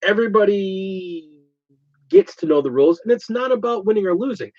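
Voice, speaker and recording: Male host, expressive and chatty, ranting casually over a muffled, lo-fi recording. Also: high-pitched, a little fast. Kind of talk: casual chat. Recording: dull lo-fi sound.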